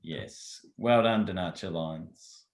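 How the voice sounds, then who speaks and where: A man's voice: low-pitched, slow. A man co-hosting a golf podcast in casual chat, hesitant and correcting himself as he answers. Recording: echoey room sound.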